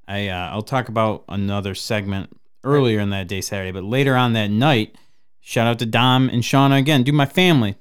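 A man hosting a podcast in loose, profane casual chat, laughing often and bursting with excitement. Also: on the low side, fairly quick, clear, resonant tone. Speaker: podcast host.

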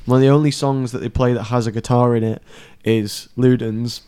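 A man's voice: mid-range voice, steady tone, a little fast, dark tone, clear, resonant tone. A man chatting on a music podcast, loose and talkative. He laughs easily and swears casually as he rambles. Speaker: podcast co-host. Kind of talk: casual chat.

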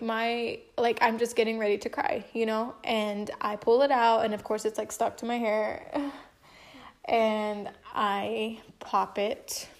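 Young woman vlogger, slightly high voice, casual emotive storyteller with lots of fillers. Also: gravelly. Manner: chatty and emotive, heavy use of filler words. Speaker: vlogger telling a personal story. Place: at home.

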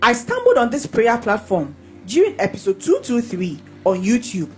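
A woman reading testimonies aloud in a lively, expressive way. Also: on the high side, normal speed, soft background music, low-quality recording.

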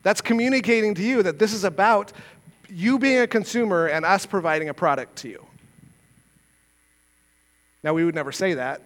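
With a high, slightly bright voice at normal speed and long pauses, a pastor preaches in a church sanctuary with a big-room sound. He stays earnest and conversational, asking rhetorical questions.

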